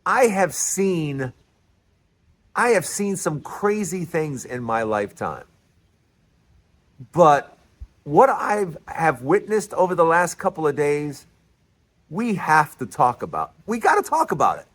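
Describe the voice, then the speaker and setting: A male vlog host delivering political commentary with a lively, swooping voice that sits a bit higher than most men's. He talks at a slow, deliberate pace, hammering his points by repeating and restarting phrases. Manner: animated, repetitive, emphatic restarts.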